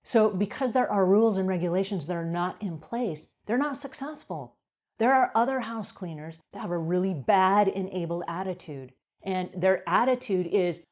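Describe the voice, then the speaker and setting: A woman's voice: lowish voice, moderate pace, a little mellow. A middle-aged woman hosting an advice show about house cleaning. She talks straight to her viewers, repeats her key points and asks rhetorical questions. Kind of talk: direct-to-camera advice talk.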